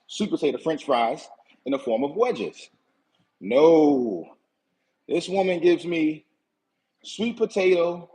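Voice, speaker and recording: Animated man ranting with a lively voice. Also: fairly high pitch, low-quality recording. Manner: animated, aggrieved, keeps asking "you know what I'm saying"; slangy, repeats himself. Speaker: channel host. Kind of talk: casual storytelling rant.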